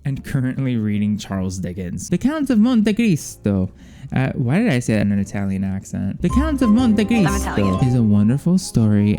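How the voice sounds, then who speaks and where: A young man chatting casually in a vlog, swearing freely, with quick asides and acted-out quotes. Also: on the low side, warm tone. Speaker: vlogger. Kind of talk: casual shelf-tour vlog.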